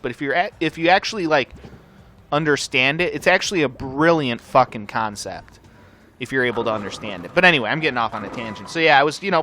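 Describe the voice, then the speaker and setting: A young man hosting a gaming channel, telling a rambling, profane story over gameplay in a casual, animated way. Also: a little high.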